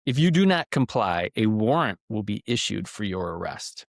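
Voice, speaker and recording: A man's voice: on the low side, very animated, normal speed, gravelly, no room sound, clean studio sound. A man voicing a stern male scam caller who poses as a tax agent, giving cold commands. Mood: threatening. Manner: cold, commanding, barks orders.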